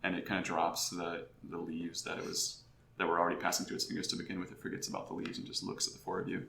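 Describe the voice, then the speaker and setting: Deep-voiced man narrating as game master. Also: quick pace, gravelly, slight background noise. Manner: relaxed narration with frequent ums and restarts. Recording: roomy home recording.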